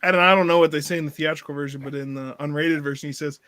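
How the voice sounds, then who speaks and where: Man, co-host, fast jokey delivery, acts out movie quotes, slightly high voice, dry close sound. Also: steady tone, bright, forceful tone, no echo. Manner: joking, quotes movie lines in put-on voices, laughs often. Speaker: podcast co-host. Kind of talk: casual movie review chat.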